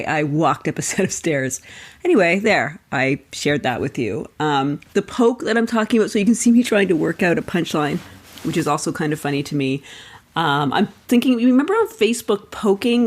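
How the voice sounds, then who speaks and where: A middle-aged woman comedian hosting a podcast, chatting casually in a rambling, self-deprecating way and laughing often. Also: lowish voice.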